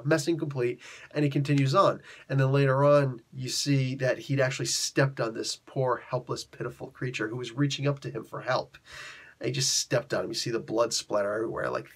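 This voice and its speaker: Husky-voiced man casually recapping comics. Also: mid-range voice. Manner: animated, acts out characters' lines; chatty, laid-back slang. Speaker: comic book channel host.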